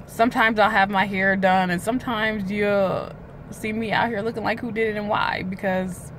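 A woman talks straight to her phone camera in a casual, candid vlog, with plenty of drawn-out filler sounds. She sits in a parked car, and faint traffic noise drifts in behind her. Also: medium pitch, fairly bright tone. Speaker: weight-loss vlogger. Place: parked car outside a hospital.

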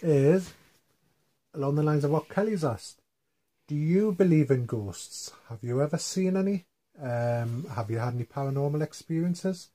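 A man hosting a family vlog, telling stories in a relaxed, rambling way while lying in bed at home. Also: on the high side, moderate pace. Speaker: vlog host. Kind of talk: casual family Q&A chat. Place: home bedroom.

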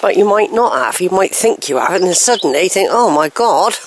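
A woman's voice: fairly low pitch, lively intonation, fast, slight background noise. A woman walking in the countryside, chatting breathlessly to her camera. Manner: chatty, coos at animals. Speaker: walking vlogger. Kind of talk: casual walking narration. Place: outdoors on a countryside walk. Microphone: handheld phone camera.

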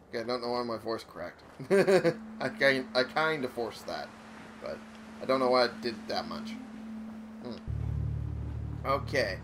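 Guy playing a game and muttering, swears a lot, pitch all over the place, noisy background. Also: animated, moderate pace, pauses often, fairly bright tone. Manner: muttering, self-deprecating, swears often. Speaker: gameplay commentator. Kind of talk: casual gameplay commentary.

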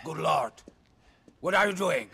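A man voicing a volatile, contemptuous mob boss with a gravelly, husky voice, in a video game cutscene. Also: on the high side, lively intonation, a little slow, pushed and bright, heavily acted. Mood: furious. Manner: explosive, contemptuous.

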